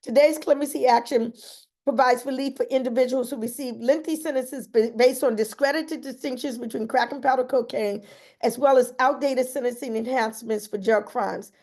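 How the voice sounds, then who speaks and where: A woman's voice: fairly high pitch, fairly even intonation, moderate pace, a little mellow. A woman reading aloud from her own memoir in an earnest, emotional way, breaking off now and then to add personal comments. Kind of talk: reading aloud with spontaneous asides.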